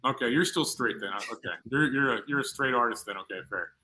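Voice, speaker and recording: A man's voice: medium pitch, quick pace, pushed and bright, low-quality recording. A man hosting a casual podcast chat, rambling and profane, packing his talk with filler words.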